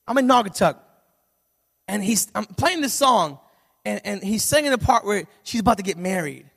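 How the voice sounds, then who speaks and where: A male pastor preaching a sermon with animated, humorous storytelling that sometimes swells into shouting. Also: sits high, moderate pace, creaky, slightly rough. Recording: reverberant hall.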